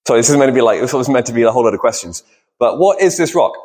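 A man gives a sermon in a church, with a voice of ordinary middle pitch. He talks in a relaxed, conversational way, often putting questions to his listeners and answering them himself. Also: very fast. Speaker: preacher. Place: church hall with congregation.

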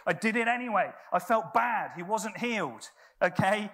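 A man's voice: sits high, a little slow, fairly bright tone. A man preaching a sermon in a church, telling stories in a conversational way with frequent restarts.

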